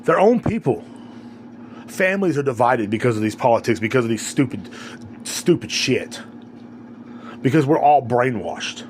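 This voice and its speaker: A man's voice: medium pitch, animated, moderate pace, pauses often, darkish tone, slight background noise. A man hosting a podcast, ranting alone in a heated, rambling, profane way. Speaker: podcast host. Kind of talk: casual ranting monologue.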